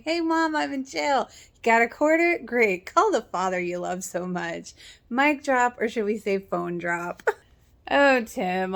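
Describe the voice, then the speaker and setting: A woman's voice: medium pitch, fairly bright tone. A young woman casually recapping a TV episode, sarcastic and chatty, acting out the characters' lines as she goes. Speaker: TV show reaction vlogger.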